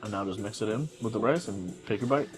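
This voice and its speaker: A man's voice: on the low side, fast talker, soft background music, rough recording. A man sitting at a restaurant table, chatting casually and showing others how to eat. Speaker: guest diner. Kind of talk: casual chat at a meal.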